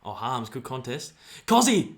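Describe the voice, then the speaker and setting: An Australian man giving live fan commentary on a football match, excitable, shouting player names and dropping to mutters. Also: medium pitch, unhurried. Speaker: fan streamer.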